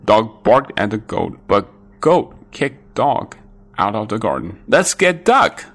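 A man narrating a children's storybook with a sing-song, expressive delivery. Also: lowish voice, slow.

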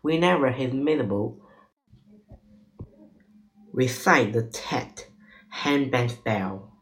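Storybook old woman, calm and knowing, slow-paced, played by a man. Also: mid-range voice, poor audio. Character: kindly mysterious old woman, a goddess in disguise.

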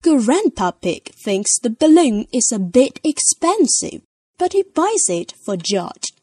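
A woman reading a children's picture book aloud, telling the story clearly and expressively. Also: a little high, sing-song, takes it slowly, a little mellow. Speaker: storybook reader.

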